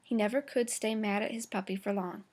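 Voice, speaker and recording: A woman teacher reading a chapter book aloud to her class, slow and careful, with small stumbles and self-corrections. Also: medium pitch, fairly even intonation, a little mellow.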